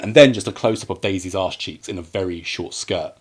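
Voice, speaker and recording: A man co-hosting a casual film review, retelling scenes in an animated way and acting out the quoted lines. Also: deep voice, a little fast, hardly any pauses, husky. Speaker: podcast co-host reviewing films.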